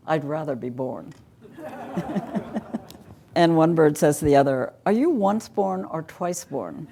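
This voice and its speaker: A woman's voice: deep voice, dark tone, slight background noise. An older woman giving a talk at a conference, with dry, wry humor, reading cartoons aloud to the audience. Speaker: conference speaker. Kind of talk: lecture to an audience.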